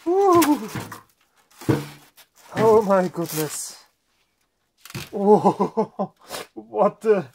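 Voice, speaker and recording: Slow-talking man marveling over electronics. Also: high-pitched. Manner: exclamatory, marvels aloud at items. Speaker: electronics video host. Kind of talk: casual unboxing commentary.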